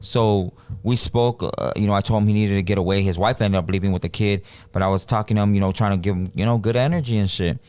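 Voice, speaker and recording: A man's voice: fairly low pitch, fast talker, hardly any pauses, clean tone, no room sound. A man, co-hosting a podcast and telling a story in a loose, slangy way. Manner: animated storyteller, acts out quoted voices, slangy. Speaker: podcast co-host. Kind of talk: casual storytelling chat.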